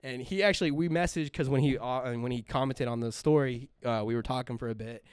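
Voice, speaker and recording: A young man chats casually on a podcast, swearing freely and circling back with lots of fillers and restarts. His voice is smooth and clear, mid-pitched, and sits in a very dry, close space. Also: quick pace, dry recording. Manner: profane, rambling, full of fillers and restarts. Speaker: podcast co-host. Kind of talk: casual storytelling chat.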